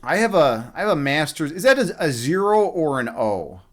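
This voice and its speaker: A man's voice: a little high, big pitch swings, normal speed. A man live streaming a chess game, chatting casually from his home setup, rambling with lots of restarts and the odd swear word.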